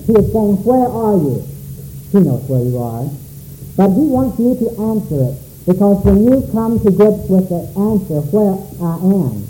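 A man's voice: sits high, mellow, roomy sound, rough recording. A man preaching a sermon in a church, calling out questions dramatically to the congregation. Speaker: pastor.

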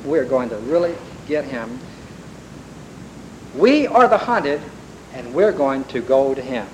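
A man's voice: medium pitch, big pitch swings, slow, a little mellow, rough recording. Man voicing a young warrior, bold, devout, earnest, faint hiss. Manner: earnest retelling in the preacher's own voice.

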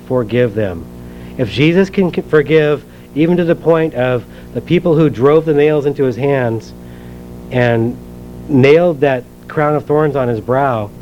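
A man's voice: mid-range voice, a little mellow, muffled recording. A man preaching a sermon in a conversational way, asking the congregation questions and reading scripture aloud. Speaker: pastor.

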